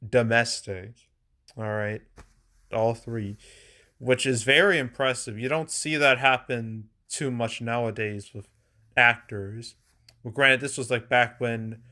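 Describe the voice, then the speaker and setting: Male host, mid-pitched voice, easygoing rambling delivery with lots of "like" and the odd chuckle. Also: pushed and bright. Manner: rambling, filler-heavy with frequent "like"; chuckles now and then. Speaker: movie box office commentator. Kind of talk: casual solo commentary.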